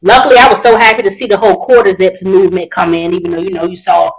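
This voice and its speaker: A woman's voice: medium pitch, steady tone, quick pace, low-quality recording. A woman co-hosting a casual podcast, blunt and profane, acting out quotes as she talks. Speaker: podcast co-host. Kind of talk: casual chat.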